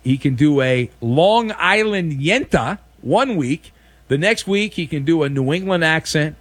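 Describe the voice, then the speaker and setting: A man hosting a daily sports talk show, delivering sarcastic, mocking commentary with animated emphasis. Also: fairly high pitch, measured pace, breathy edge, no room sound.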